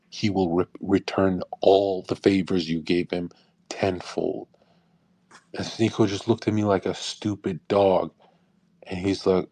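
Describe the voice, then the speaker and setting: A man's voice: deep voice, flat delivery, measured pace, warm tone. A young man ranting on a live stream, blunt and intense, swearing freely and acting out other people's voices, into a studio condenser microphone. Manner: acts out quoted people in changed voices. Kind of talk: live commentary rant. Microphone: USB condenser studio mic.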